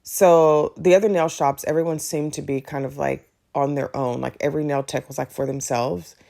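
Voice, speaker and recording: A woman hosting a podcast, telling a personal story in a chatty, animated way and acting out the dialogue. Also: sits low, normal speed, gravelly. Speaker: podcast host. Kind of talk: casual storytelling monologue.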